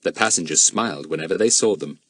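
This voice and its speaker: Male audiobook narrator, husky, very animated delivery, dry sound. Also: low voice, fast talker, dry recording. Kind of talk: scripted narration.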